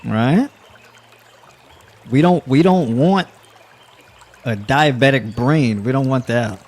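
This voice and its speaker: A man's voice: medium pitch, slow. A man hosting a casual livestream, talking to his viewers, laughing often and using plenty of filler words. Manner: addresses audience with y'all. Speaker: livestream host. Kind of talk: casual livestream talk to the chat.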